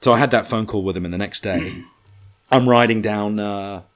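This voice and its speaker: A man with a fairly low voice tells rambling comic anecdotes in a relaxed conversational way. His delivery is animated and salty, full of swearing and punchlines. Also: moderate pace. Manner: animated, profane, comic storytelling. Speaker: guest storyteller. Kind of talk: casual anecdote telling.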